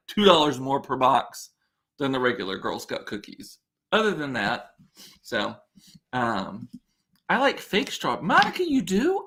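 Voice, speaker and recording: A man with a fairly high, somewhat bright voice hosts a podcast, chatting casually and reading viewer comments. He rambles and frequently interrupts himself while answering viewers.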